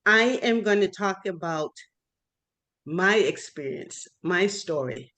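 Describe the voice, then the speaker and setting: Middle-aged woman from massachusetts, slow careful testimony, earnest churchy speaker on a call. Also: lowish voice, lively intonation, a bit bright. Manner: slow, earnest, faith-filled storytelling. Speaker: guest speaker, evangelist. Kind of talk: testimony speech. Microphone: virtual workshop call.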